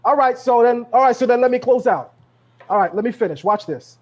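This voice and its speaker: A man's voice: extremely high pitch, animated, fairly quick, a little mellow. Emphatic New man on lo-fi call. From Brooklyn, New York. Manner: emphatic, repeats phrases, confrontational. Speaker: guest speaker. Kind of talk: heated live podcast talk.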